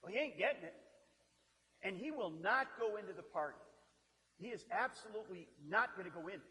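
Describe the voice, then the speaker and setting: A man preaching a sermon, telling the story with animated energy and often repeating words as he gets going. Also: high-pitched, brisk, in a large hall, rough recording. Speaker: pastor.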